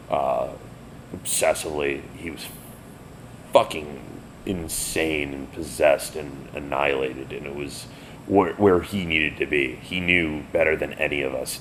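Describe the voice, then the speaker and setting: A man's voice: rumbling low, a little hiss or hum. A man in his forties, a band member telling old studio stories in a casual, profane, rambling way. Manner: profane, rambling, animated retelling. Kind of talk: casual storytelling interview.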